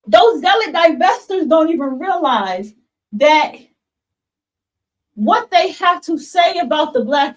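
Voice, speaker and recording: High-voiced, impassioned woman livestream host. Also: recorded from a distance, rough recording. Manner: impassioned, blunt, swears, addresses viewers as y'all. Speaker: podcast host. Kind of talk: livestream monologue to chat.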